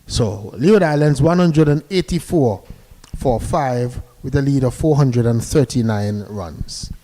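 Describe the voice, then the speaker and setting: A male cricket commentator with a mellow, warm tone and a middling pitch. He talks in a chatty, easygoing way, calling the play and sending good-morning greetings to listeners between deliveries. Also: a little slow.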